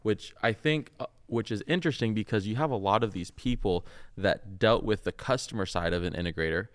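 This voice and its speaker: A man's voice: on the low side, fairly quick, dry recording. A man co-hosting a podcast in casual chat, rambling and laughing often as he tells stories. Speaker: podcast co-host.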